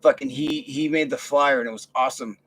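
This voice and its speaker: A man's voice: mid-range voice, steady tone, brisk, a bit bright, rough recording. A middle-aged man, telling rambling, profane stories on his podcast and laughing often. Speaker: podcast host. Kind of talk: casual storytelling monologue.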